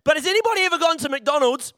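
Preacher guy, really high bright voice, jokey and chatty, dry close sound. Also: lively intonation, very fast, no room sound. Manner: chatty, jokey, often restarts phrases. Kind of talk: playful youth sermon with a volunteer.

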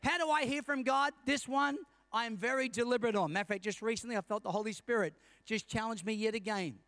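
High-voiced preacher, dry sound. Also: male voice, fast talker, a bit bright, no echo. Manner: storytelling preacher, asks the congregation for amens. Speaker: senior pastor. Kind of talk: sermon.

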